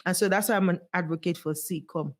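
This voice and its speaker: A woman speaks as a guest on a podcast, coaching listeners on their voices. Her voice sits fairly low, yet she is animated and emphatic, swooping up high whenever she stresses a point. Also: rapid-fire. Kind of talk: motivational podcast conversation.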